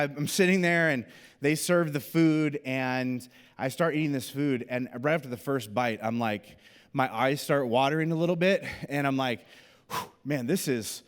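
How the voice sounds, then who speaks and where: Brief: male pastor, lively storyteller, slightly high voice, long reverb from the hall. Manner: animated storyteller, acts out quoted voices. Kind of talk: sermon with personal storytelling. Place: church auditorium.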